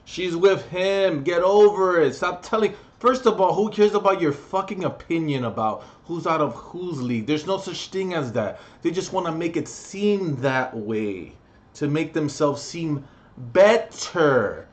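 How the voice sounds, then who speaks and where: Loud sarcastic young man ranting. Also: expressive, a little slow. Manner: loud, sarcastic, swings between mock-low voice and shouting; profane, addresses viewer directly. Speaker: vlogger. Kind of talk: comedic rant to camera.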